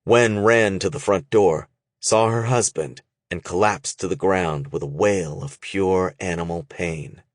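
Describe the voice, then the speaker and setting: Low-pitched and measured, a man delivers expressive scripted narration for an audiobook. The sound is dry and cleanly recorded in a studio.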